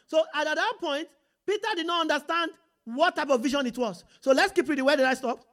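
A high-pitched woman delivers an animated sermon. She reads scripture aloud and breaks off to call out to her listeners, checking that they are following. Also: brisk. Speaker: preacher.

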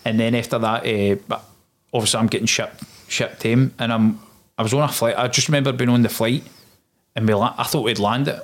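A young Scottish man, a former soldier, telling his story in a plain, low-key way during a casual interview. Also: fairly even intonation, brisk. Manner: low-key, plain-spoken, recounting events in long runs.

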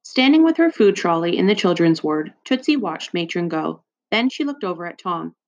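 A woman narrating a children's story in a calm, lowered voice. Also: normal speed. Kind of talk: scripted narration. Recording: dry, slightly dull.

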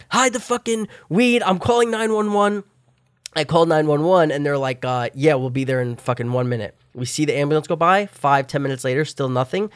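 A young man tells a rambling story in casual chat, cursing constantly and yelling out his own past lines. His voice sits at an ordinary middle pitch. The room sounds dry and close. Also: no room sound. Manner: profane, rambling storytelling with loud acted-out shouts. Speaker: guest telling a story.

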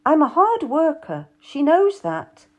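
A woman's voice: high voice, huge pitch swings, slow pace, narrow, tinny audio, pitched above the performer's own voice, heavily acted. A woman voicing an earnest, hardworking young lady-in-waiting who protests. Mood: protesting.

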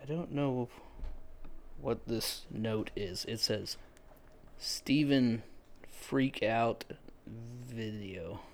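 Young guy cohost, drawls slow, keeps cracking up, crude jokes. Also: medium pitch, a little hiss or hum. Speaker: podcast co-host. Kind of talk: casual chat. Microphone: studio podcast mic.

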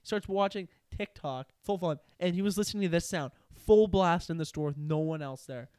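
A young man in casual chat, telling stories and ranting in quick animated bursts. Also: on the high side, clean tone, no echo, clean studio sound.

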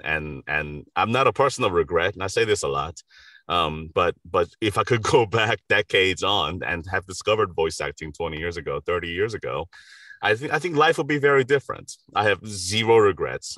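A man's voice: deep voice, pushed and bright, no room sound, recorded from a distance. A middle-aged man from Korea, a voice actor, talking earnestly and enthusiastically in an interview from a recording studio, often laughing. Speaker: voice actor guest. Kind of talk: casual interview chat.

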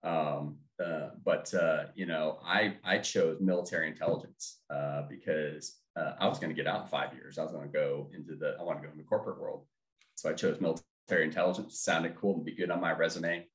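A middle-aged man, a former Army officer, telling his story in an interview, halting, with many fillers and restarts. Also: extremely low pitch, fairly even intonation. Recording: echoey room.

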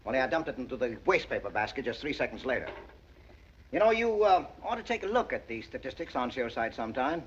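An actor playing a fast-talking, scornful insurance claims man who lectures in a rapid, list-reciting tirade, heard from a dull old film soundtrack. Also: mid-range voice, sing-song, a little hiss or hum, close to an everyday voice. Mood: sardonic.

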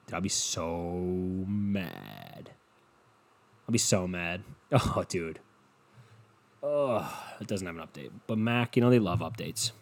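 A young adult man hosting a solo podcast from home, ranting in a profane, sardonic and rambling way. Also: fairly low pitch. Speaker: podcast host. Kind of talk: casual solo podcast rant.

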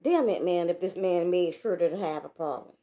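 Woman venting her story, lots of cussing, dark gravelly voice. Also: lowish voice, moderate pace. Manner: blunt, profane, animated retelling. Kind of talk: casual storytelling vlog.

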